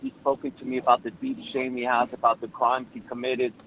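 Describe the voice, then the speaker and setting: A man's voice: medium pitch, completely flat delivery, a little fast, muffled recording, slight background noise. A man giving an emotional, earnest statement of support at a parole hearing, speaking by phone. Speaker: public commenter at parole hearing.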